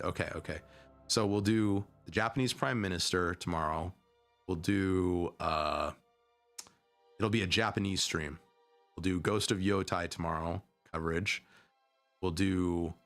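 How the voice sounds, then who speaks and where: A man's voice: low-pitched, a bit bright. A young man streaming as a vtuber, chatting casually about internet news in a rambling way, often cutting himself off and restarting. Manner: rambling, self-interrupting, conversational.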